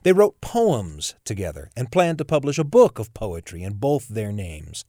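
A man hosting a podcast, telling a story with reflective, expressive delivery and occasional stammering restarts. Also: fairly low pitch, moderate pace, no room sound, studio quality. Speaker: podcast host. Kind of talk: warm storytelling host narration.

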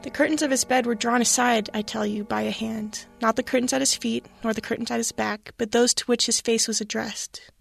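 A woman reading a classic story aloud in an expressive, dramatic way. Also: fairly high pitch, brisk, gravelly, few pauses, faint music behind.

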